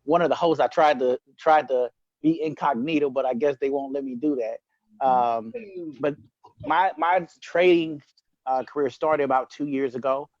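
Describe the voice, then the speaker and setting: A man with an everyday mid-range voice talks about his background on a video call, unhurried and pausing on fillers. The line is dry and a little muffled. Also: mid-range voice, dry recording. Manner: relaxed, measured, hesitant with fillers. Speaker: co-host and group leader. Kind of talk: personal background talk on a call. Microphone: computer mic on a video call.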